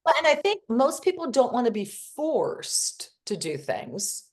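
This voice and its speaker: A woman's voice: high voice, big pitch swings, unhurried, a little mellow. A woman guest on a podcast interview, telling personal anecdotes earnestly and acting out the other people in them. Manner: earnest storyteller who acts out the other people in her anecdotes. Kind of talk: casual conversational interview.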